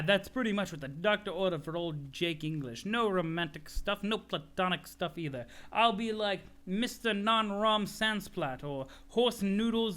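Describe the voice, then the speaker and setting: A man's voice: high voice, sharp tone. A man voicing a chipper young male adventurer with jaunty, quaint old-fashioned slang.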